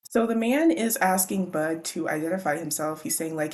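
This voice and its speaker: A woman casually recapping a children's book, animated and slangy. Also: lowish voice, normal speed. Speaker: book vlogger.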